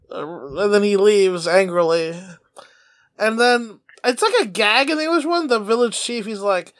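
A man co-hosting a podcast in casual comedic chat, excitable, laughing often and swearing freely. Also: very high-pitched, normal speed, no echo. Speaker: podcast co-host.

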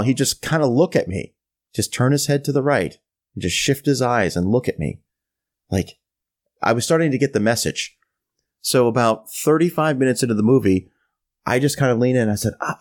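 Here a middle-aged man with a medium-pitched voice speaks briskly as a podcast co-host. His long, funny story comes as a lively, casual rant, with exaggerated voices put on for the people he quotes.

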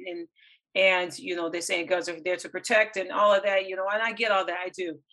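A woman hosting her podcast, speaking earnestly and with passion, often halting and restarting her sentences. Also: medium pitch, pushed and bright, low-quality recording. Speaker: podcast host. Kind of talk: emotional solo commentary.

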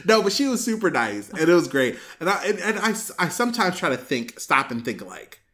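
Young guy rambling on his podcast, kinda high voice, super animated, laughs a ton. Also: fairly quick. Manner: animated, laughs often, swears, acts out quoted voices. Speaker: podcast host. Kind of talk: casual chat. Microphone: headphones on, podcast mic.

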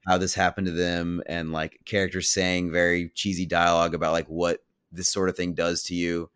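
In a low, fairly flat voice at a moderate pace, a man recaps a film on a podcast, spoilers and all, rambling casually, saying "like" constantly and tossing out blunt opinions. His tone is a bit bright and clean, recorded with studio quality and no echo.

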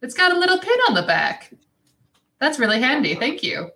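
A woman's voice: high voice, sing-song, normal speed, pushed and bright, a little hiss or hum, exaggerated voice. A woman voicing a breezy, matter-of-fact young adventurer.

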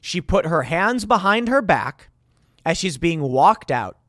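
A man from Chicago hosts a commentary show, talking over news clips in a sarcastic, indignant way. His voice sits a little high for a man. The recording is dry and close, with no room sound. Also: very animated, unhurried, fairly bright tone, dry recording. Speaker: political commentary host.

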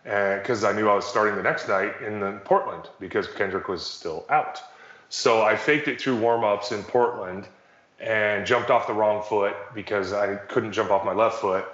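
A man with a low, settled voice spins long, rambling anecdotes, correcting himself midway and slipping in dry jokes. The sound is roomy and a little dull, as if captured in an echoey space. He is middle-aged and talks like a former athlete looking back. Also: moderate pace, fairly bright tone. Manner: rambling, self-correcting, wry humor. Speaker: former pro basketball player as guest. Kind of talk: casual storytelling on a podcast.

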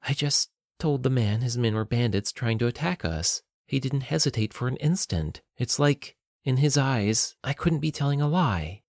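A man reading a novel aloud, voicing a scheming young noblewoman in a raised, softer voice. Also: mid-range voice, lively intonation, normal speed, hardly any pauses, no echo, studio quality, pitched above the performer's own voice, lightly acted. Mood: shaken. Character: stranded young noblewoman, cunning and persuasive. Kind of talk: audiobook character voice.

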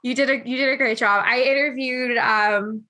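A woman hosting a casual interview over a call, chatty and laughing easily as she tells quick stories. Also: sits high, fairly even intonation, bright, forceful tone, slight background noise. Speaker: podcast host interviewing a guest.

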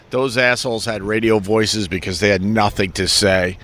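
A man's voice: fairly low pitch, normal speed, hardly any pauses, fairly bright tone. A middle-aged man with a Long Island accent hosting a live stream, chatting casually in a rambling, joking, profane way. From Long Island, New York.

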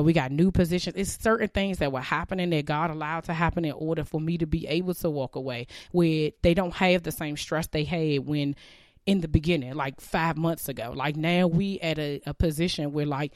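A woman's voice: low voice, a little mellow, no room sound, studio quality. A woman in her thirties sharing a heartfelt, reflective personal faith testimony about leaving her job.

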